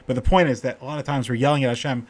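A middle-aged man gives a casual Torah talk full of stories. His pitch sits in an ordinary middle range, and he rises and gets livelier when he acts out what the characters said. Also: rapid-fire. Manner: storytelling, animated when quoting characters. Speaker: rabbi giving a Torah talk.

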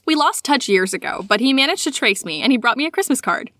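A woman co-hosting a casual podcast, reading listener stories aloud with a giggly, animated manner. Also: high voice, fast talker, no room sound, clean studio sound. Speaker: podcast co-host.

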